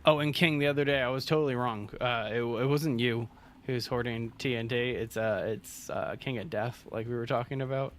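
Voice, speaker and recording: A man's voice: medium pitch, steady tone, moderate pace. A young adult man from Southern California chatting casually with viewers while playing a game, rambling with lots of fillers and restarts. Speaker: streamer. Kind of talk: casual gameplay chat with live viewers.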